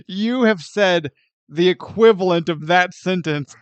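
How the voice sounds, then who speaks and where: A man co-hosting a casual film review podcast, laughing often and talking with lively energy. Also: high-pitched, measured pace, clear, resonant tone, no room sound. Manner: animated, laughing often, acting out characters' lines. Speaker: podcast co-host.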